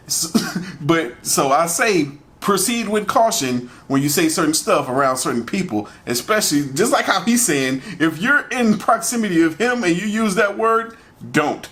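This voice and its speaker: A man's voice: a little high, fairly bright tone. A man hosting a reaction video, talking casually and loosely and laughing often at the clip.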